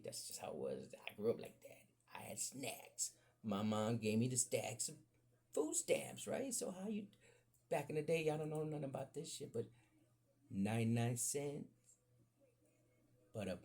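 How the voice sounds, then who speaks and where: A man hosting a podcast, telling a profane, animated story in casual talk that jumps up high when he gets excited. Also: creaky. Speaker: podcast host.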